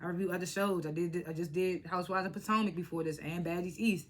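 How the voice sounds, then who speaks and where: A young woman vlogging a casual reality TV recap, animated and slangy, laughing as she acts out what the cast said. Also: fairly low pitch, fast. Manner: animated, laughing, slangy retelling with acted-out quotes. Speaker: reality TV reviewer.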